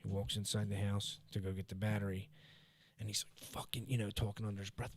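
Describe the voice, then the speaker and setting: A man hosting a podcast, telling a work story in casual chat, swearing freely and getting loud when he mimics coworkers. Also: fairly low pitch, level tone, brisk, no room sound. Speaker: podcast host. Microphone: studio podcast mic.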